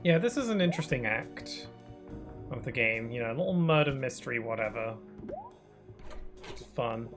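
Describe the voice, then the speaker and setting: A man's voice: mid-range voice, expressive, normal speed, long pauses, music in the background. Rambling male game streamer. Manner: rambling, many fillers. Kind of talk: casual gameplay commentary.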